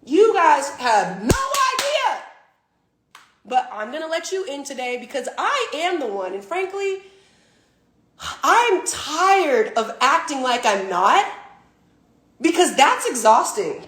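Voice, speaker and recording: A woman's voice: high-pitched, sing-song, measured pace, fairly bright tone. A woman in her twenties, a professional athlete, ranting emphatically and profanely on a phone livestream. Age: 20s. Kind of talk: livestream rant.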